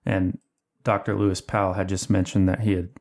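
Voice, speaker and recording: A man narrating as game master of a tabletop horror game, relaxed and thinking aloud with fillers, over an online call. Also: low voice, fairly quick, gravelly, a little hiss or hum.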